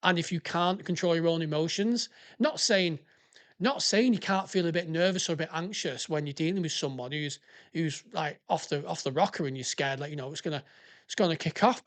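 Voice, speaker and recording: A man's voice: high voice, lively intonation, normal speed, a bit bright. A man hosting a podcast, ranting in a blunt, sweary way. He is a former police officer reacting to listener stories in heated, casual commentary.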